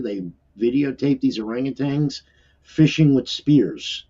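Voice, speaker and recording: A man's voice: medium pitch, warm tone, slightly rough, highs cut off. A man co-hosting a paranormal podcast, telling stories in a rambling, emphatic way. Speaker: podcast co-host. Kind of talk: casual group chat.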